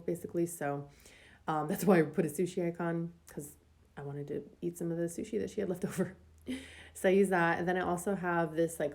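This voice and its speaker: A young woman chats through her weekly planner layout in an easygoing, rambling way, stopping often for ums and likes. Her voice sits low and sounds dark, with a gravelly edge. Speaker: planner vlogger. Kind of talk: casual planner decorating voice-over.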